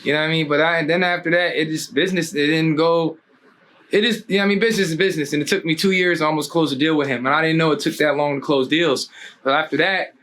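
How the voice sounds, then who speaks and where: A man from Harrisburg, Pennsylvania, a clothing designer telling stories as a guest in a casual interview, slangy and animated, jumping his pitch up to act out quotes. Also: fast.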